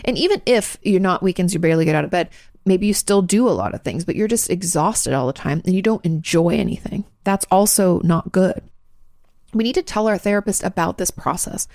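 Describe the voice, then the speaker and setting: A woman talks quickly and frankly, answering listener questions in a casual advice chat. Her voice sits low with a gravelly, fried edge. The sound is dry and close, with no room around her. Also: a little mellow, no room sound. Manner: fast, chatty, frank, swears casually.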